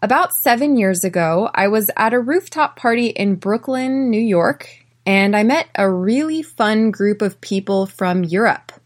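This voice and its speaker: A woman's voice: medium pitch, expressive. Chatty American woman teaching English. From United States. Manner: clear, slow drilling in repeat-after-me phrases; chatty, often tags lines with "right?". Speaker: podcast host and English teacher. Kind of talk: podcast lesson.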